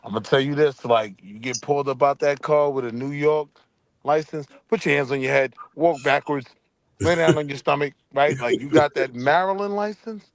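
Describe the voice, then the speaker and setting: A man's voice: fairly high pitch, normal speed, dry recording. Wry Baltimore man, dry close sound. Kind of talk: casual chat.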